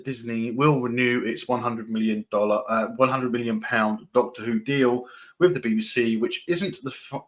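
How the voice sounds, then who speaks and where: A man's voice: mid-range voice, a bit bright. Rambling, dismissive man with fillers. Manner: rambling, with frequent fillers, restarts and dry laughs; dismissive, repeats points for emphasis. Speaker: commentary channel host. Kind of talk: casual opinion commentary, reading news excerpts.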